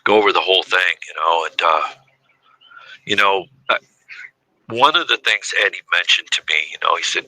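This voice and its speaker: Deep, forceful man telling his story. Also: moderate pace, pauses often, low-quality recording. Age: 50s. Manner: rambling, heavy with "you know" and "uh". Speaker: podcast guest. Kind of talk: casual interview storytelling.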